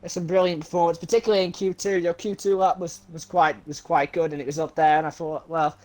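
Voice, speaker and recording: A man with a voice going hoarse, co-commentating and interviewing a driver after a race, hesitant and full of restarts. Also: on the high side, flat delivery, fast talker, a little mellow.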